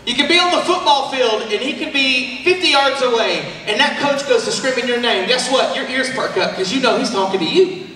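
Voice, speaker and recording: High, bright preacher in an echoey hall. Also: male voice, fairly quick, distant mic. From Oklahoma, USA. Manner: energetic, shouting, calls for response from the crowd. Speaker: youth camp preacher. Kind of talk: sermon. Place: large church hall.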